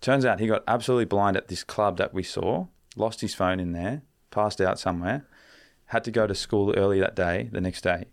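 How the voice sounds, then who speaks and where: A young man with a low, gravelly voice, telling a long story as a guest on a podcast. He rambles in a laid-back way, with plenty of fillers and the odd swear word. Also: fairly quick, hardly any pauses. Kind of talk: casual storytelling.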